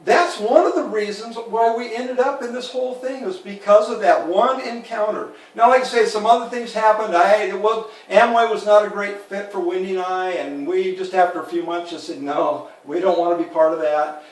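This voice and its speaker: A man's voice: high-pitched, normal speed, hardly any pauses. A man in his fifties giving an earnest, candid network marketing training talk and addressing listeners as guys. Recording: echoey room, mic at a distance.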